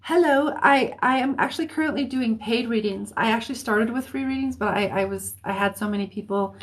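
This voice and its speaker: A woman giving a psychic reading on a live stream, thinking aloud with many restarts and often clearing her throat. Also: a little high, brisk. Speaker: psychic reader. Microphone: phone or computer mic on a live stream.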